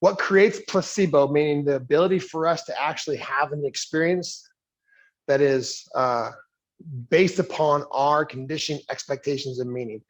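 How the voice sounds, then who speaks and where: A man's voice: on the high side, moderate pace. A man leading a live workshop as a coach. He talks conversationally, often checks in with "right?", and acts out little scenes in different voices. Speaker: leadership coach. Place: yoga studio.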